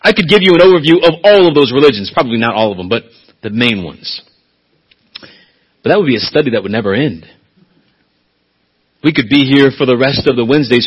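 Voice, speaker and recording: A pastor preaching a sermon, swinging from quiet, low asides to loud, emphatic, high-pitched appeals. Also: male voice, husky, lo-fi sound.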